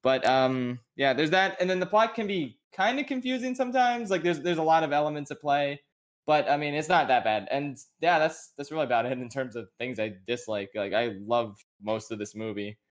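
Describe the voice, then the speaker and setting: A young man co-hosting a podcast, chatting casually about movies in an animated, incredulous way with frequent laughs. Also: on the high side, fairly quick. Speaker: podcast co-host. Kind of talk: casual movie review chat.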